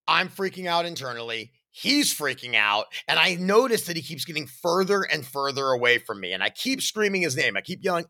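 Animated, high-pitched storytelling man. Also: fairly quick, creaky, few pauses. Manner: animated, acts out his own shouts and sound effects. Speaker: podcast host. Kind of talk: first-person storytelling.

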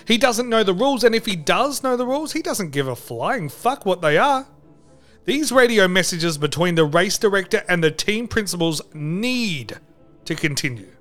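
A man with a high-sitting voice hosts a comedic podcast. He rants crudely and with mock outrage. Music plays faintly behind him. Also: sing-song, moderate pace, a bit bright. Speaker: podcast host.

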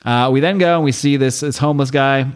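A man's voice: mid-range voice, fast talker, clean tone. A man co-hosting a comic-book podcast who summarizes a story in a chatty way and laughs often. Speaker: podcast co-host.

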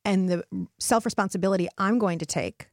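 A woman's voice: mid-range voice, fairly quick, dry recording, studio quality. A woman hosting a motivational solo podcast, speaking to her listeners in an earnest, encouraging way. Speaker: podcast host.

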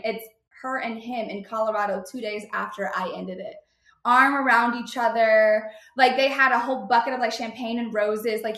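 A woman's voice: fairly high pitch, pushed and bright. A young woman in casual chat, talking in a blunt, profane and emphatic way. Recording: echoey room.

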